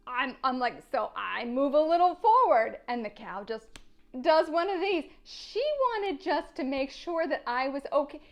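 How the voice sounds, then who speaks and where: A woman hosting a gardening vlog, telling a story in a chatty, animated way and laughing often. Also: high voice, unhurried. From United States. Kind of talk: casual storytelling to camera.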